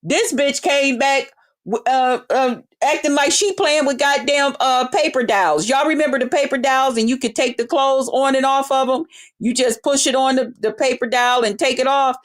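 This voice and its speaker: A woman, ranting to her viewers. She swears constantly and keeps the story loud and brash. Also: high voice, normal speed. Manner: loud, brash, heavy swearing, animated retelling. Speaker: vlogger. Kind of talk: profane storytelling rant.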